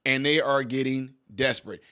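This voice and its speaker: A man's voice: medium pitch, normal speed, bright, forceful tone, clean tone. A man hosting a political commentary vlog, talking casually and with energy straight to his viewers. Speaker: channel host.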